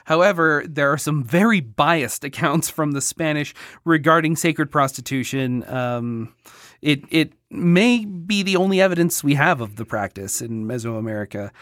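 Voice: medium pitch, expressive, moderate pace, fairly bright tone, dry recording, clean studio sound. Podcast host reading history, joking. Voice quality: joking, stumbles over hard names. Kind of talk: casual chat, reading history notes.

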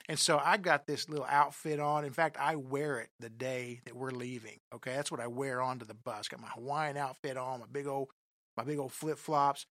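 A man telling a comic personal story in an animated, self-deprecating way, often talking straight to his listeners. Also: mid-range voice, normal speed, no room sound, studio quality.

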